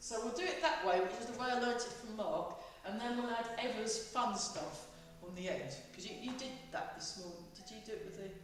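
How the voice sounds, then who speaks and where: A woman's voice: a little high, expressive, a little fast, hardly any pauses, a little hiss or hum. A woman leading a tai chi class, joking playfully while calling out the breaths. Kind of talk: teaching a class, guiding breathing. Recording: echoey room, voice far from mic.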